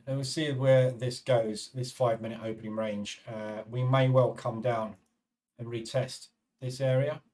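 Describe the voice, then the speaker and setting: Male live trading stream host, casual running commentary, mid pitch, a little distant from the mic. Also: a little mellow. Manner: casual, thinking aloud, chatting to viewers.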